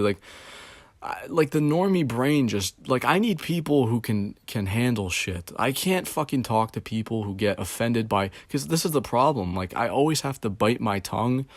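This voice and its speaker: A man's voice: lowish voice, dry recording, studio quality. A man vlogging in a rambling, casual rant, swearing often and sounding confused and exasperated. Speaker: video blogger.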